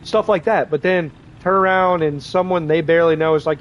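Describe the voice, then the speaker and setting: A man in his twenties, stuffed up from draining sinuses, rambles frankly during casual livestream chat with lots of restarts. His slightly high voice is brisk with hardly any pauses, recorded lo-fi over faint game vehicle noise.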